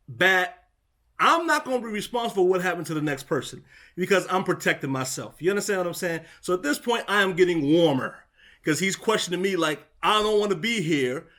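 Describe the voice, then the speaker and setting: Man, vlogger and property manager, exasperated, slightly raised pitch, filmed outdoors. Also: a bit bright. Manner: exasperated, building up heat. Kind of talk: vlog narration. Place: outside a vacant house.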